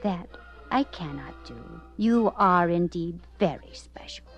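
A woman voicing a gentle, earnest female animal in a storybook. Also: mid-range voice, big pitch swings, measured pace, creaky, muffled recording, faint music behind.

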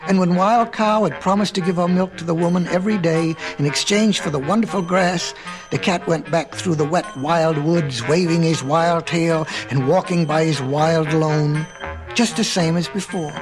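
A man reading a storybook aloud in a slow, rhythmic way, lingering on repeated phrases. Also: on the high side, fairly even intonation, music in the background, rough recording.

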